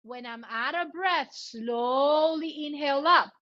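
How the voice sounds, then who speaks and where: A woman's voice: high voice, slow pace. Woman guiding chair yoga, muffled recording. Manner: switches between English and Spanish cues; demonstrates loud vocal sounds. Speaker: yoga instructor.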